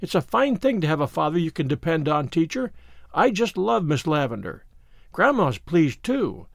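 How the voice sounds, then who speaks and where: A man's voice: fairly high pitch, big pitch swings, moderate pace, gravelly, no echo, studio quality, full character voice. A man doing an earnest young schoolboy.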